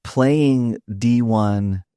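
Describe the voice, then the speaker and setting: A man's voice: medium pitch, drawn-out words, dark tone, clear, resonant tone, no echo, clean studio sound. A man hosting a podcast interview, affirming and reflective, drawing lessons and asking follow-up questions. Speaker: podcast host. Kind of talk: conversational interview.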